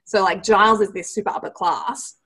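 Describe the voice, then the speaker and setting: A woman's voice: mid-range voice, fairly even intonation, fairly quick, a bit bright, husky. A woman hosting a casual podcast, talking enthusiastically as she steers the conversation. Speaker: podcast host.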